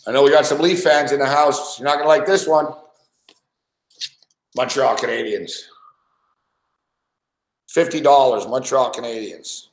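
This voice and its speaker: A man's voice: medium pitch, measured pace, pauses often, reverberant. Swearing man ranting about bets. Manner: profane, frustrated rant. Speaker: sports betting podcast host. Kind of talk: casual betting talk.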